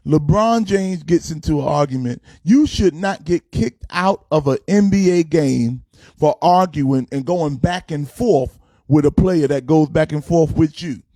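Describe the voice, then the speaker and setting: Emphatic pastor talking sports, mellow voice. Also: male voice, a little high, dry recording. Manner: emphatic, folksy, repeats himself. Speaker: pastor and sports show host. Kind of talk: casual livestream sports chat.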